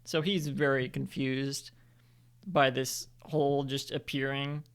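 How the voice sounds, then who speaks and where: Rambling man with a gravelly voice. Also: medium pitch, level tone, slow. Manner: rambling, self-correcting, many fillers. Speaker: storyteller. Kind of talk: improvised spoken story. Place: home, indoors.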